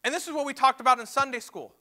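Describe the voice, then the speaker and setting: A man's voice: very high-pitched, racing, pushed and bright. A man preaching a sermon to a church, emphatic and repeating words as he builds his points. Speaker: pastor. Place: church sanctuary.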